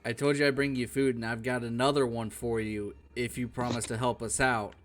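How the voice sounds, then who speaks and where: A man's voice: mid-range voice, flat delivery, brisk. A man playing in a tabletop game, talking in a plain, matter-of-fact way. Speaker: player. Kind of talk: casual tabletop game play.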